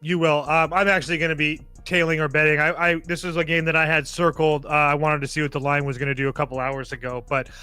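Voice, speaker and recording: A man's voice: fairly high pitch, level tone, fast, hardly any pauses, sharp tone, smooth, no echo, soft background music. A man co-hosting a live betting show, working through a matchup in an analytical way with many fillers. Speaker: sports betting co-host. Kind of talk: casual live-stream betting talk.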